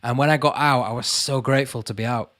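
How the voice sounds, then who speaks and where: In a fast, steady, medium-pitched voice that's a bit bright, a man answers his live chat as the channel host. He reads comments aloud on a casual livestream and chats back, calling viewers "mate." The dry recording is studio quality.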